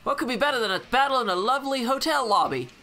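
A man's voice: very high-pitched, lively intonation, fast talker, bright, forceful tone, pitched above the performer's own voice, heavily acted. A man voicing a rowdy young hooligan gang grunt from a game, in a put-on British accent, brash and taunting. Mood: cocky.

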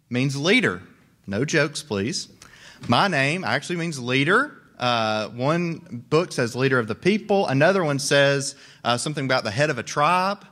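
A man's voice: medium pitch, a bit bright. Man, young, preaching, conversational, joking asides. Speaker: pastor. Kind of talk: sermon.

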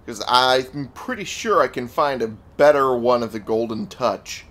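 A man casually commenting while playing a video game, chatty and jokey. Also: measured pace. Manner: chatty, jokey, animated pitch jumps. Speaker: gaming video host. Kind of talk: casual let's-play commentary.

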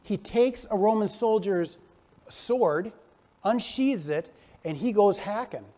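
A male pastor preaching a sermon, telling the story with animated energy and acting out the quotes. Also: high-pitched, slow.

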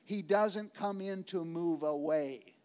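High-pitched preaching man. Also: clear, resonant tone. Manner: emphatic preaching, repeats phrases for emphasis; slows for key words, swings between loud and hushed. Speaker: pastor. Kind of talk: sermon.

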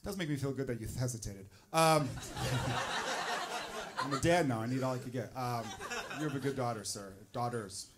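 A man in his thirties from Chicago doing stand-up crowd work in a comedy club, riffing and swearing in an animated way. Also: mid-range voice, moderate pace, long pauses, very noisy. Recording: live club audience laughter. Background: crowd laughing.

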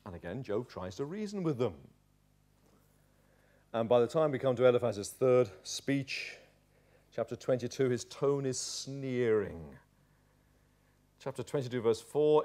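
A male pastor preaching a sermon and reading scripture, with lively storytelling and dramatic asides. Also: medium pitch, measured pace, pauses often.

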